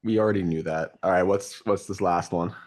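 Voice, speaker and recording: A man's voice: sits low, fairly even intonation, fairly quick, a little mellow. A man hosting a podcast, chatting casually and teasing his co-host.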